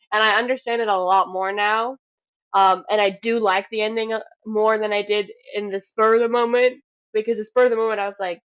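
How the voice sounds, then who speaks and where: A woman co-hosting a casual podcast, talking in an animated, swearing way and acting out her own reactions. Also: medium pitch. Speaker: podcast co-host. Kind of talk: casual chat. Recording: dull lo-fi sound.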